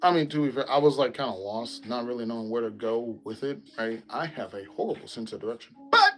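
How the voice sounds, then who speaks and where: A man hosting a casual chat, relaxed and rambling, often breaking into laughter. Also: mid-range voice, fast, low-quality recording. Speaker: host.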